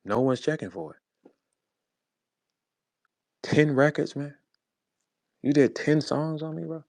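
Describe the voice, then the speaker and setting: A slow, creaky voice, somewhat high and darkish, carries plenty of expression in this echo-free clip. It belongs to a battle rap personality in his forties from St. Louis who hosts his own program, mocking and cursing through a heated monologue.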